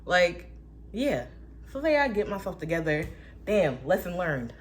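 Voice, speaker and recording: A young woman vlogging a casual faith monologue, candid and profane, with animated asides and quick voice-switching quotes. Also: on the low side, faint music behind.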